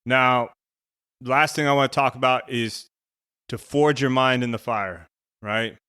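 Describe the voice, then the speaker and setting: Man, middle-aged, smooth voice, dry close sound, casual storytelling with fillers. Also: medium pitch, steady tone, unhurried, pushed and bright, no room sound. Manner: conversational, many fillers like "you know" and "right". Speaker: former Navy SEAL and coach.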